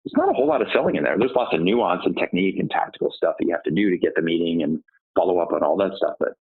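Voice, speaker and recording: A man's voice: deep voice, expressive, very fast, husky. A man who coaches sales, answering interview questions. He keeps asking rhetorical questions and answering them himself. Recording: tinny phone-like line.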